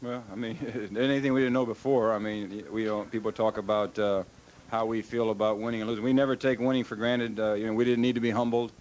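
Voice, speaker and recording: A man's voice: on the low side, little pitch movement, fast talker, a little mellow, slight background noise, rough recording. A man, a losing team's manager, giving a subdued, reflective post-game interview.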